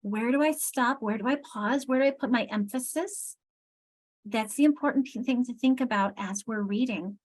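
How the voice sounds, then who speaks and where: A woman leads a literacy training session from a video call, her voice sitting somewhat high. She explains as she goes, thinking aloud and breaking off sentences to restart them. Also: moderate pace.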